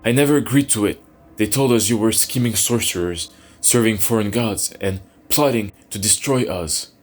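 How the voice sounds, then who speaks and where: A man's voice: a bass voice, fairly even intonation, a little slow, faint music behind. A man voicing a weary, guilt-ridden warrior priest, pleading desperately.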